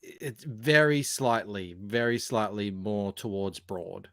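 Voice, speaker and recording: A man's voice: fairly low pitch, slow pace, vocal fry, a bit bright, no echo, clean studio sound. A man from far north Queensland with an Australian accent, chatting casually on a late-night stream and explaining at length with some hesitant fillers.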